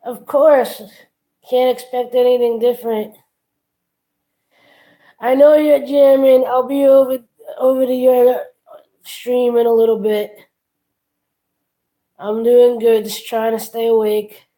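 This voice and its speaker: A woman's voice: a little high, level tone, unhurried, long pauses, dark tone, poor audio. A tired woman chatting casually with her live-stream viewers from her workplace, yawning and thanking them one by one.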